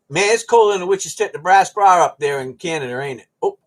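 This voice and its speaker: A middle-aged streamer chatting casually to viewers from home. The voice swings up and down a lot, with folksy banter and a steady middle pitch. The talk is loose, joking and animated. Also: brisk. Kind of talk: rambling casual chat to viewers. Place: at home on a cold day.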